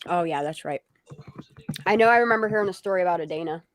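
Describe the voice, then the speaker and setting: A woman's voice: on the low side, quick pace. A woman hosting a casual livestream, talking bluntly and heatedly and swearing freely. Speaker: livestream host.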